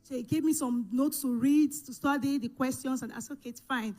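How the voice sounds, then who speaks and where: A woman giving an emotional church testimony, telling her story in halting bursts full of restarts and self-corrections. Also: high-pitched, darkish tone, soft background music. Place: church service.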